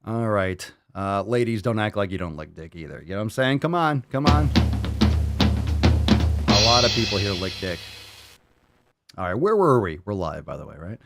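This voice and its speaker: Loud, hyped, swearing podcast host. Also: male voice, on the low side, very animated, a little fast, creaky, few pauses, soft background music. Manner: loud, profane, hyped, talks to his dog. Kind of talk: casual livestream podcast chat.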